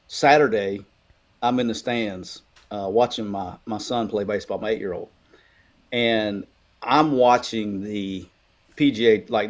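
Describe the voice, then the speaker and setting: Rambling middle-aged man from Alabama. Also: fairly low pitch. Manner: rambling, animated storytelling with restarts. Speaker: co-host. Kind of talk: casual sports chat.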